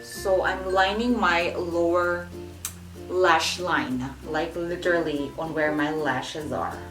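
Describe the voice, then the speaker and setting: Young woman, beauty vlogger, fairly low voice, chatty, repeats words for emphasis, roomy echo, faint music behind. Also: steady tone, slow pace. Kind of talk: makeup tutorial.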